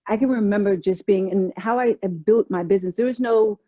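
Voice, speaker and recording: Middle-aged woman guest, emphatic testimonial storyteller, mellow higher voice, dry lo-fi call audio. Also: a little fast, no room sound. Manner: emphatic, testimonial, animated retelling. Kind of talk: storytelling interview.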